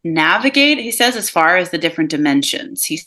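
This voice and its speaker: A woman giving a live mediumship reading over a video call, relaying messages calmly and softly, often laughing between them. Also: fairly low pitch. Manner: relays messages in a calm, soft, slow delivery, with frequent laughs.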